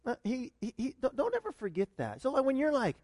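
High, lively-voiced preacher man. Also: fairly quick, dry recording, clean studio sound. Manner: conversational and animated, with many repeated starts and rhetorical questions. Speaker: pastor. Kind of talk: sermon.

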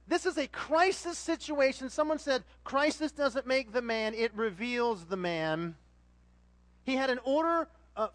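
A man preaching a sermon, animated, swinging between loud exhortation and quiet asides. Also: extremely high pitch, no echo.

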